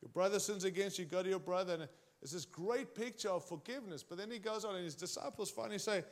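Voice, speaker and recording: A man preaching a sermon, speaking emphatically and straight to his congregation, swinging his pitch and volume widely. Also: fast talker, hardly any pauses.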